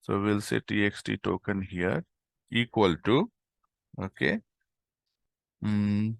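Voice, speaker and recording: A man walks through a programming tutorial at an unhurried pace, talking his way through each step as he types. His voice is gravelly, recorded close and dry with no room around it, and he fills the gaps with okay and um. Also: lowish voice, no echo. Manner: thinks aloud while typing, many fillers like okay and um. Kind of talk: screen-recorded coding lesson.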